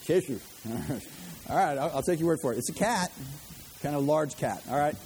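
A man's voice: on the high side, lively intonation, normal speed, a little mellow, soft background music. A man preaching a sermon as pastor, chatty and conversational, with joking asides to the congregation.

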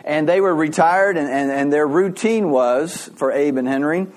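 A man's voice: a little high, normal speed. A middle-aged man preaching a sermon as a pastor, telling stories in a loose, conversational way with frequent restarts. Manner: conversational storytelling with repeated restarts.

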